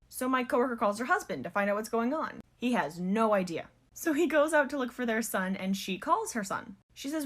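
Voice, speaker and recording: A woman telling a funny story casually, quoting the people involved with amusement. Her voice sits a little high and swings widely in pitch. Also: lively intonation, fairly quick, hardly any pauses, fairly bright tone.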